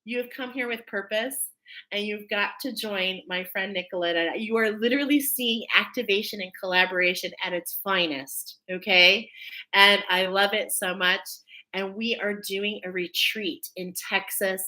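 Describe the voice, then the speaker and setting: A woman's voice: mid-range voice, fairly even intonation, moderate pace, pushed and bright. A woman hosting a live stream as a spiritual reader, chatting casually and spontaneously, thinking aloud and laughing often.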